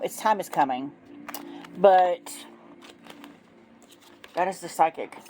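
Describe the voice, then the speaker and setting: A woman's voice: lowish voice, a little mellow, a little hiss or hum, rough recording. A woman chatting casually as she shows her new tarot decks, gushing and rambling with many ums. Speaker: tarot deck reviewer. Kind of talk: casual unboxing chat. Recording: background music playing.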